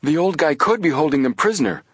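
Man reading as excitable teen boy sleuth, pitched up, husky, bouncy intonation. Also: fast talker, no echo, studio quality. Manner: excited, eager. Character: eager teenage boy detective, excitable.

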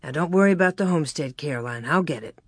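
A woman reading a storybook aloud, voicing a calm, reassuring pioneer father. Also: deep voice, fast, no room sound, clean studio sound, voice pushed down.

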